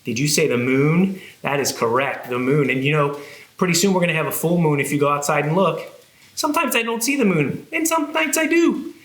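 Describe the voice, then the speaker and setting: High-voiced cheerful man in echoey room. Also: expressive, a little fast, fairly bright tone. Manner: cheerful, sing-song, talks to young children. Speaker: children's librarian. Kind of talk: children's music and movement program.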